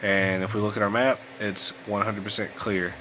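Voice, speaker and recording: Tired and yawning, a young man rambles through casual commentary on his game from a room at home late at night. His voice is lowish with little pitch movement at normal speed, and the rough recording carries a bit of hiss or hum.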